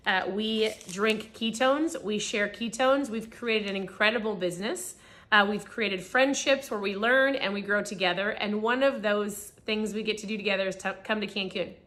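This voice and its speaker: A woman in her forties, hoarse and raspy, chatting upbeat and motivational as host of a live stream. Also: mid-range voice, normal speed, a bit bright. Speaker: podcast host. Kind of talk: casual live-stream chat.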